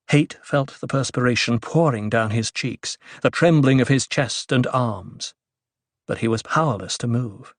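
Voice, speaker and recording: A man's voice: medium pitch, measured pace, no echo. Male audiobook narrator, dry close voice. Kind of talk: scripted narration.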